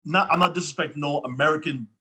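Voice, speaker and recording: Co-host, reflective and slightly high. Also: male voice, quick pace, pushed and bright, breathy edge. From Jamaica. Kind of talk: casual interview chat.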